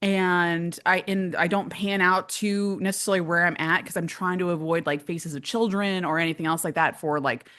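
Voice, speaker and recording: A woman guest on a podcast, chatty and animated as she tells stories. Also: lowish voice, moderate pace, few pauses. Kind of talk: casual interview.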